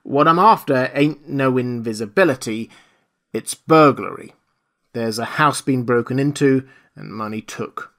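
A man's voice: mid-range voice, unhurried, fairly bright tone. A man reading an audiobook, voicing a stubborn, dutiful village constable.

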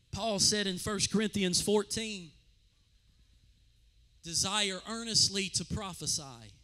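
In a church sanctuary, a man serving as pastor delivers a sermon in a voice that sits high. His phrasing is impassioned and repetitive, moving between loud proclamations and quiet, pleading appeals.

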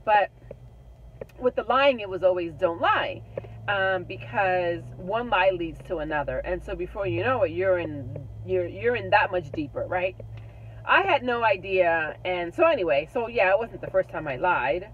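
A woman's voice: fairly low pitch, animated, normal speed. A middle-aged woman telling a personal story in a casual vlog, candid and chatty, with many ums and restarts. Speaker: vlogger. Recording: tinny phone-like audio with clear road noise.

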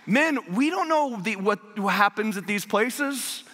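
A man's voice: high voice, a little slow, long reverb tail. A man in his thirties, a pastor telling a funny story in a sermon, acting out what people said. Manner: animated, humorous storytelling with acted-out quotes. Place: church auditorium.

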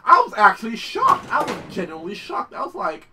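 A young man giving excitable, swearing let's play commentary while gaming. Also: very high-pitched, brisk, few pauses, distant mic, heavy background noise. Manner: excitable, profane, rambling. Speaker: gaming channel host.

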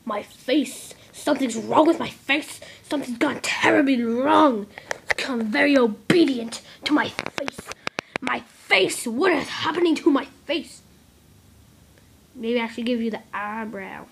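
A woman's voice: high voice, unhurried, gravelly, breathy edge. A young woman making a playful vlog, giggling, joking and doing goofy sound effects. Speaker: vlogger. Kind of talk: playful photo booth vlog.

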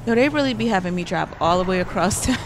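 A woman's voice: medium pitch, expressive, fast talker, background noise. A young woman giving casual, chatty commentary as she plays a video game, exclaiming and talking straight to her viewers. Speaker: gaming YouTuber.

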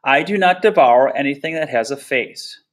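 A man's voice: on the high side, fairly quick, pitched above the performer's own voice, lightly acted. A snooty younger sister from a storybook, prim and disdainful, voiced by a man reading aloud. She talks down to her brother with a cool, superior tone.

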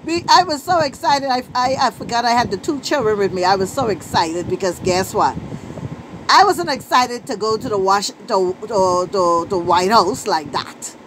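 A woman's voice: medium pitch, lively intonation, normal speed, background noise. A middle-aged Bahamian woman with a Bahamian accent, telling a story to camera in a casual vlog and repeating phrases for emphasis. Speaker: vlogger and poet.

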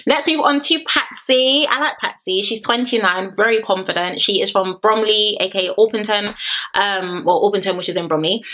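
A woman chatting casually to camera as she reviews a reality show, playful and animated, stretching and singing words for effect. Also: mid-range voice.

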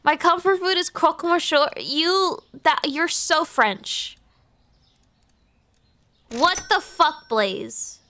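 Bright, high-voiced young woman streamer. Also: slow pace, pauses often. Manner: playful, crude, talks to customers in the game. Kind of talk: live game-stream commentary.

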